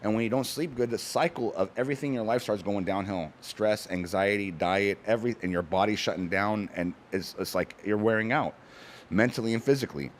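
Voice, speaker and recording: A man on a talk show, telling stories in a fast, animated, casual way with frequent restarts. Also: fairly low pitch, a little hiss or hum. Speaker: guest, cannabis company founder. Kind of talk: casual chat.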